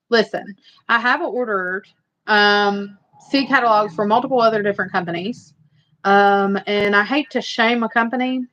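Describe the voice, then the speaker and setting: Chatting loosely with her viewers, a livestream host wanders from topic to topic in a voice that's on the high side and a bit bright. The sound quality is lo-fi and a touch muffled.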